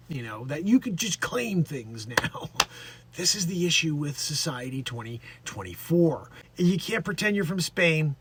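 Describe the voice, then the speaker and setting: High-voiced man doing rambling comedy news. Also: big pitch swings, a little slow, fairly bright tone, slight background noise. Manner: rambling, self-interrupting, mocking. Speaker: comedy news show host.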